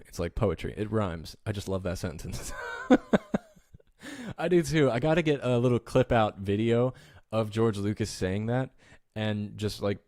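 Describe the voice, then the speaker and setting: A man hosting a casual live-streamed fan podcast, chatty and enthusiastic, often pausing with fillers and restarting his sentences. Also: on the low side, darkish tone, no room sound, studio quality. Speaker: podcast host.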